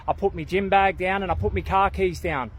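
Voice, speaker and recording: A man's voice: high-pitched, steady tone, a little fast, a little hiss or hum. A young man telling a story in a blunt, slangy way, swearing freely. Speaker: vlogger. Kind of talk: casual storytelling rant.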